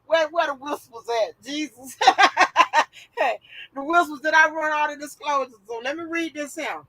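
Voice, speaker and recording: A woman with a bright, clear voice hosts a live stream. She gives blunt, profane commentary in a casual way and reacts to what she reads aloud. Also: high voice, normal speed, low-quality recording.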